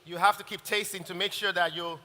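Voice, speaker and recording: A man's voice: high voice, steady tone, a little fast, pushed and bright. A middle-aged man, a chef giving a live masterclass in a chatty, laughing way and often restarting his sentences. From Nigeria. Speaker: chef giving a cooking demonstration. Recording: reverberant event hall.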